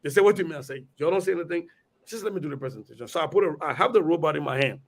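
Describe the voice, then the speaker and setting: A middle-aged man speaks with a Liberian accent, his voice fairly high and gravelly. He tells a story animatedly, stumbling through restarts as he goes. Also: animated, very fast. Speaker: radio guest. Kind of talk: storytelling in conversation.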